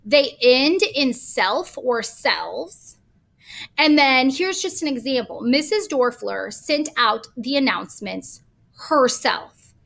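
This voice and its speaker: A woman's voice: on the high side, creaky, bright, forceful tone. A woman teacher recording a grammar lesson, patiently explaining with examples step by step.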